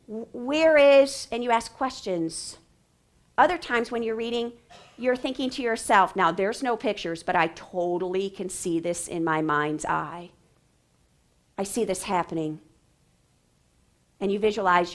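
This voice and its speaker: Animated woman teacher-trainer, higher voice. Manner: animated, acts out student and teacher voices, whispers asides. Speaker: literacy trainer.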